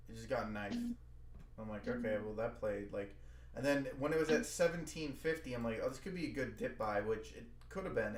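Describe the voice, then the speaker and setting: A man co-hosting a trading stream, chatting casually about stock plays, with loud laughing bursts and swearing. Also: medium pitch. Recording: echoey room with faint noise.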